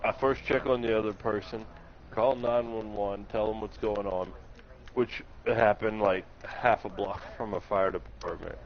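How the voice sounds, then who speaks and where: A man's voice: fairly low pitch, fairly even intonation, measured pace. A man telling his own painful mishaps as jokes, laughing along in casual chat. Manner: laughs through his own painful stories, joking and self-mocking. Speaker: live stream chat participant. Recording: muffled lo-fi stream audio with faint music.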